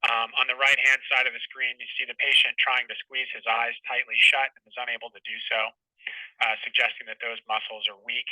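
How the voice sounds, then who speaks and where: A man's voice: mid-range voice, little pitch movement, a little fast, sharp tone, no echo, recorded from a distance, low-quality recording. A man who is a clinician, giving a medical webinar lecture in a patient, explanatory teaching tone.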